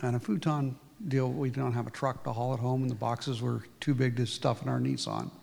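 A man's voice: medium pitch, steady tone, brisk, vocal fry, a little mellow. A married man telling a church testimony in a plain, matter-of-fact way. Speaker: congregation member. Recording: long reverb of a church hall.

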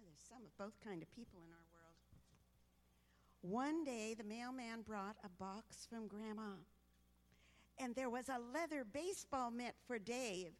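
A woman reading a story to children in an animated way, stopping to ask them questions. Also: a little high.

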